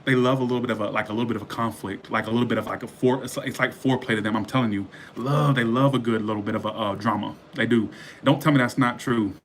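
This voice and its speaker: A man's voice: medium pitch, fairly even intonation, quick pace, a little hiss or hum. A man reading tarot on a live stream, chatting casually in a rambling, profane way, a bit wired from coffee. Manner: rambling, profane, laughs often.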